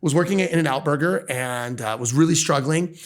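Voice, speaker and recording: A man's voice: a little high, a little fast. A man hosting a podcast, chatting casually and earnestly, telling stories and acting out the people in them. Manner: earnest, animated storyteller acting out quoted voices. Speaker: podcast host. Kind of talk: casual conversation, storytelling.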